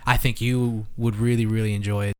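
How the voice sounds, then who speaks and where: A man's voice: on the low side, little pitch movement, brisk, smooth. A man hosting a podcast in loose, casual chat, swearing often and joking at his own expense. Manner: loose, swearing, self-mocking. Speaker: podcast host.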